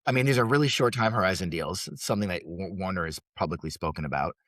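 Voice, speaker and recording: A man co-hosting a podcast, explaining points in a measured, lecturing way. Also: low-pitched, a bit bright, dry recording, studio quality. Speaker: podcast co-host. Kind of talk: casual podcast discussion.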